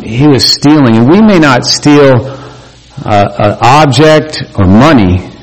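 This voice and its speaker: A man's voice: fairly low pitch, rough recording. Man preaching a casual, joking sermon. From Oregon. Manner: conversational preaching with jokes and acted quotes. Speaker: pastor.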